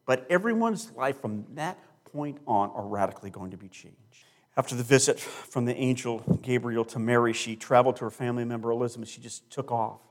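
A male pastor preaching a sermon with emphasis, slowing down and repeating key words. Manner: emphatic preaching with big swings in loudness and pitch.

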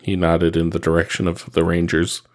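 A man reading fan fiction aloud in a steady, even narration. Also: sits low, normal speed. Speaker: reader.

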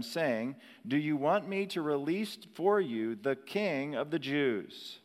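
Slow, dramatic male preacher in a hall. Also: mid-range voice. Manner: slow, dramatic preaching with emphatic rises and hushed drops. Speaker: pastor. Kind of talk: sermon.

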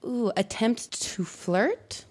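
A woman playing in a tabletop game, describing her moves in a wry, deliberate way. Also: a little high, animated, breathy edge. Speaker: player.

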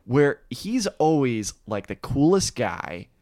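A man ranting through a casual chat with a lively, swooping delivery that rises and falls a lot. His voice sits at an ordinary middle pitch. The sound is dry and close. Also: takes it slowly, dry recording. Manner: animated, ranting storyteller.

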